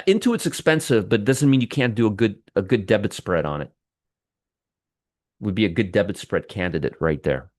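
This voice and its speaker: A man's voice: mid-range voice, no echo. Male trading host, dry close sound, teasing and wry, live commentary.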